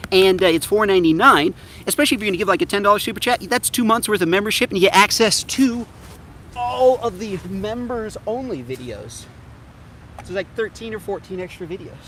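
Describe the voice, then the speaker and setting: A man's voice: high voice, animated, a little fast. A man casually chatting to his livestream viewers while cooking outdoors on a riverbank, upbeat and talking straight to the camera on a tripod. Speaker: fishing vlogger. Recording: outdoor camera audio with loud ambient noise.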